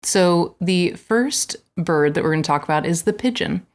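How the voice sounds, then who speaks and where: Giggly Southern US woman hosting a quiz, lowish voice, casual podcast. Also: lively intonation, normal speed. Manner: giggly, playful, reading out quiz options. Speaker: podcast guest running a quiz game.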